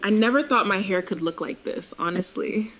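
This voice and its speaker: A woman's voice: medium pitch, moderate pace, a bit bright, soft background music, close to an everyday voice. AI-voiced woman giving a chatty hair testimonial.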